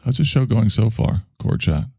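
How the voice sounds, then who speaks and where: A man hosts a casual solo chat show, rambling through sarcastic asides and heavy sighs. His low voice is gravelly and dark, with lively swings in pitch, recorded close and dry. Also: moderate pace, no room sound. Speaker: host.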